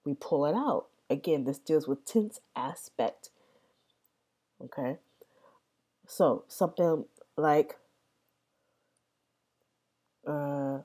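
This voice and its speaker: A woman's voice: low voice, dark tone. A young adult woman explaining language in a casual vlog, rambling, repeating herself and often asking "right?". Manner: rambling, repeats words, many "right?" checks.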